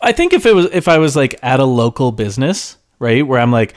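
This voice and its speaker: A podcast co-host chatting casually, blunt and profane in an offhand way. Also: male voice, medium pitch, big pitch swings, brisk, no echo, clean studio sound. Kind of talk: casual chat.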